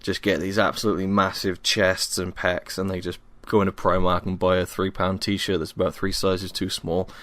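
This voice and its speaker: A man's voice: deep voice, completely flat delivery, normal speed, few pauses, a bit bright, dry recording. A young man from Wales, hosting a casual solo podcast at home, rambling and self-deprecating with many ums, tired after a workout. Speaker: podcast host.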